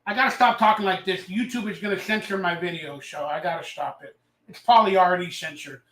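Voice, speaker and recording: Man, live-stream host, high voice, sarcastic rants, echoey room, off the mic. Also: quick pace, fairly bright tone, far from the mic. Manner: ranting, sarcastic, reads chat aloud. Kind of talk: casual live-stream chat.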